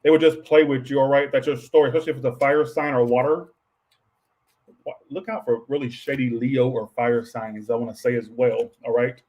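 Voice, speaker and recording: A man's voice: mid-range voice, fairly even intonation, fairly quick, a little mellow, lo-fi sound. A man giving a casual tarot reading to his viewers, rambling and offhand, with frequent swearing and asides to chat. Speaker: tarot reader.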